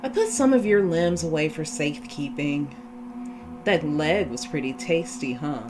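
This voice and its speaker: A woman's voice: sits low, expressive, measured pace, noisy background. Woman reading as an unhinged woman captor. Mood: menacing. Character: unhinged cheerful woman caretaker turned captor. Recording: game playthrough with music behind.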